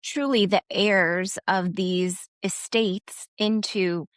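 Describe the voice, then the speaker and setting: Female co-host, deliberate unhurried delivery, dry close mic. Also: mid-range voice, fairly even intonation, no room sound. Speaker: podcast co-host. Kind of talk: casual book discussion.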